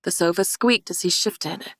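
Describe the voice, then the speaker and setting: A woman narrating a fantasy audiobook in a steady, measured reading style. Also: on the low side, dry recording, clean studio sound. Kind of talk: scripted narration.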